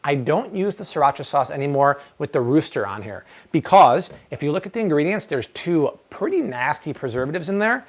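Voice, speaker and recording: An energetic man in his thirties runs a live cooking demo, talking viewers through each step in a fairly high, lively voice. He chats easily and tosses in playful bits of broken Spanish. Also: a little fast. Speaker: cooking show host.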